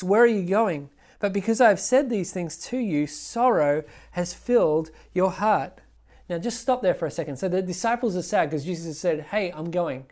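A woman preaching a sermon, explaining scripture in a conversational way with pauses and asides. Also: medium pitch, dark tone.

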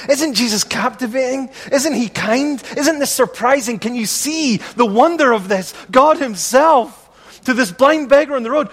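A man's voice: very high-pitched, normal speed, a bit bright, long reverb tail. A man preaching a sermon as pastor, earnest and repetitive, asking the congregation rhetorical questions.

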